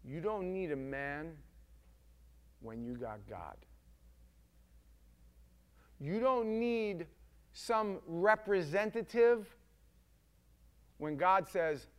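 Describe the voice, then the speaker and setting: A male pastor preaching a sermon in an animated, conversational way, acting out quotes. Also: sits high, extremely slow, long pauses, clean tone.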